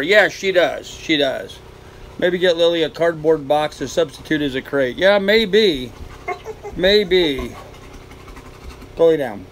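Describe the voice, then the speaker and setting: Older guy from the states, kinda high voice, reading out chat and answering, faint fan humming behind. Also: a bit bright, rough recording. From United States. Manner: reads viewer comments aloud and answers them easygoingly. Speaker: live-stream host. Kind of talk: casual live-stream chat. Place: cabin of his boat with the doors closed. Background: faint fan noise.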